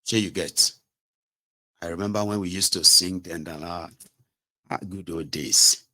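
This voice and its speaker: A man's voice: deep voice, fairly even intonation, measured pace, pushed and bright. A man with a Nigerian accent giving impassioned political commentary, sarcastic and indignant, slipping into Pidgin and Yoruba phrases.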